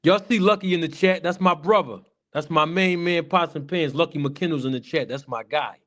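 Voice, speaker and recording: Male streamer, high-pitched, repetitive conversational commentary aimed at chat. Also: normal speed, a bit bright. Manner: chatty, repetitive, addresses chat viewers. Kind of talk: casual livestream commentary.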